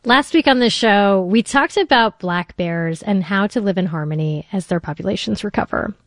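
A woman's voice: mid-range voice, moderate pace, no room sound, clean studio sound. A woman hosting a radio show, reading links in a friendly way.

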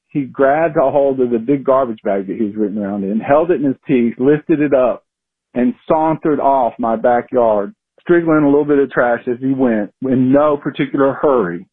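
A man from Florida calling in to a radio show and telling a lively story. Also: medium pitch, breathy edge. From Florida, USA. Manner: animated storyteller who acts out yelling. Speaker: caller. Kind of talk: phoned-in storytelling. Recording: phone line.

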